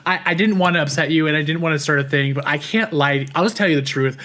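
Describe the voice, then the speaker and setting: A man's voice: on the high side, fast talker, fairly bright tone. Man rambling through a podcast check-in. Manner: reflective, rambling with frequent "like" and restarts. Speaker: podcast host. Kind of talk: personal check-in monologue.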